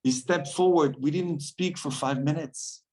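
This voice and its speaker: A man's voice: fairly high pitch, a little slow, a little mellow, poor audio. A man from France, a guest on a podcast, telling stories in an earnest, reflective way and often laughing between thoughts. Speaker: guest, men's circle facilitator.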